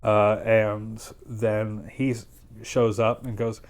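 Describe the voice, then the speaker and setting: A man hosting a stream, casually retelling plots in a sarcastic, rambling way with quick quoted asides. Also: fairly low pitch, flat delivery. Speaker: streamer host. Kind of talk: casual chat.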